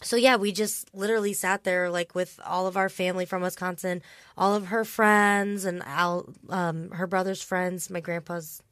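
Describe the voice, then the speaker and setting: A woman's voice: on the low side, level tone, moderate pace, fairly bright tone, dry recording, clean studio sound. A woman co-hosting a podcast live stream, a chatty storyteller who laughs often in casual talk. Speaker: podcast co-host.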